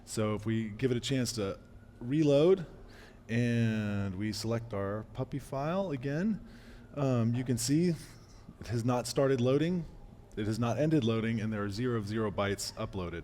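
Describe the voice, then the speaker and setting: A man presents a live-coding demo at a meetup, his voice going hoarse as he clears his throat between halting, filler-laden sentences. His pitch sits in the middle range. A faint noise hangs behind him. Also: lively intonation, warm tone. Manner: casual, halting with fillers and restarts. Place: meetup room.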